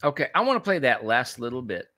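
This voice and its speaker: A man's voice: medium pitch, big pitch swings, quick pace, pushed and bright, dry recording. Fired-up male host ranting hard, hammering on repeats, dry close sound. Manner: heated, emphatic, repeating phrases for effect. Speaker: host of a political commentary show. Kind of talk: opinionated political commentary.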